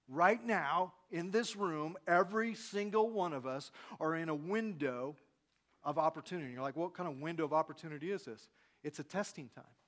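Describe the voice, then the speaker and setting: A man preaching a sermon to a congregation in a church hall, reading scripture with dramatic loud peaks and asking the room questions. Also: on the high side. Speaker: pastor.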